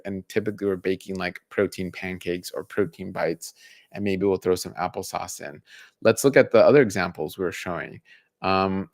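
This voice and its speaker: A man's voice: lowish voice, dry recording, studio quality. A man in his thirties, a dietitian hosting a live stream, explaining casually and counting off points in a list. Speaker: dietitian host.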